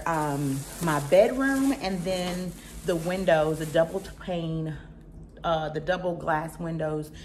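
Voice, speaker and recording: This channel host is a middle-aged woman from the American South whose voice is low with a darkish tone. In her home haul vlog she chats emphatically to her audience over a faint ambient hum.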